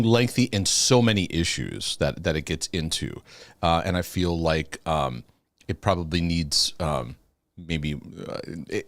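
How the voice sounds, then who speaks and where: A man's voice: lowish voice, no room sound. A man hosting a live-streamed Q&A, chatting casually with viewers, laughing often and restarting his sentences. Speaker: host of a live Q&A.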